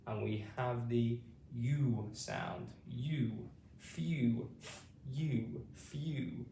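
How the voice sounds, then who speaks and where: A British man teaching phonics to adult learners, sounding out letters slowly and repeating each word with care. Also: mid-range voice, vocal fry, warm tone. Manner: slow, deliberate, sounding out letters and repeating words. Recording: roomy, slightly distant mic, faint noise.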